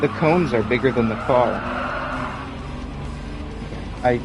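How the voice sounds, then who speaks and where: Speaking slowly in a medium-pitched voice, a male gaming streamer delivers playful, mock-formal commentary on his own racing game, lamenting it with theatrical exaggeration. The audio is poor, with the game's music loud underneath.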